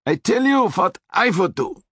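A man's voice: on the high side, very animated, a little slow, slightly rough, no echo, clean studio sound, pitched above the performer's own voice, heavily acted. A man doing a menacing Austrian chauffeur. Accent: put-on Austrian. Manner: menacing, shouting, grimly emphatic.

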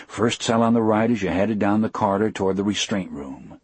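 A man's voice: lowish voice, lively intonation, fairly quick, darkish tone, slightly rough, dry recording. A man reading a novel aloud as a first-person audiobook narration, telling it dramatically.

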